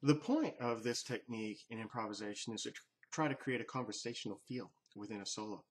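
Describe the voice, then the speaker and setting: A man's voice: lowish voice, lively intonation, quick pace. A man teaching jazz improvisation, explaining each step in a patient, methodical way. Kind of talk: instructional lesson narration.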